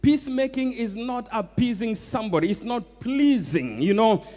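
A man's voice: extremely high pitch, expressive, moderate pace, mellow, long reverb tail, soft background music. A man with a Kenyan accent preaching a sermon, emphatic and full of repeated refrains. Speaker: pastor. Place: church.

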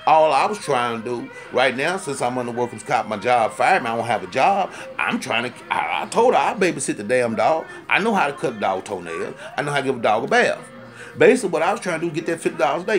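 A man delivering a comic rant, heated, profane and rambling, repeating himself for emphasis. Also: medium pitch. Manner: animated, rising to loud indignant outbursts. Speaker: storyteller ranting to camera.

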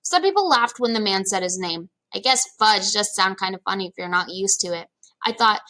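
A woman reading a children's novel aloud in first person, lively storytelling. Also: mid-range voice, poor audio. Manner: lively storytelling, quick voice shifts for characters.

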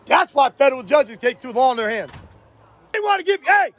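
With a handheld phone, a man records himself outside arguing with police on his property, making repeated demands in a heated live confrontation. His very high voice has a sing-song lilt, slightly fast and a bit bright.

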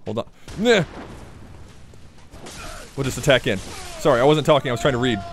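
A man's voice: medium pitch, lively intonation, fairly quick. A man commentating his own gameplay in a playful, casual way, chatting to the enemies and swearing now and then. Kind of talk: let's play commentary.

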